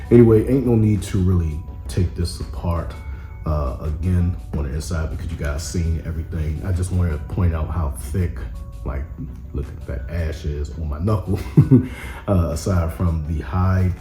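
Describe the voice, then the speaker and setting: Man, low voice, mellow dark tone, casual sneaker review, echoey room, faint background music. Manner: relaxed, rambling, lots of fillers. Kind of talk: casual product review vlog. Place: indoor room with camera. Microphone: camera mic.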